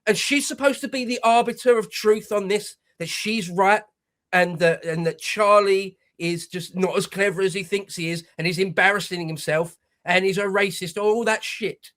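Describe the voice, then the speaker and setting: A man's voice: sits high, moderate pace, a bit bright. A man co-hosting reaction commentary, talking bluntly and scornfully with lots of swearing. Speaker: co-host.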